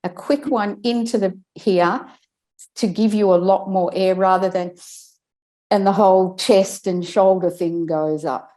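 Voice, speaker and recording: A woman's voice: medium pitch, fairly even intonation, a little slow, warm tone. A woman guest in a conversational interview, explaining speaking and breathing technique and demonstrating it as she goes, often restarting her phrases. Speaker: guest, speech and accent coach.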